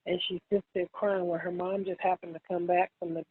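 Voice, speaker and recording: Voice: medium pitch, little pitch movement, fairly quick, no room sound. An author calling in to a radio show, retelling a story in a rambling way, often restarting and correcting details. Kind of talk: casual phone-in storytelling. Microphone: phone line. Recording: tinny phone line.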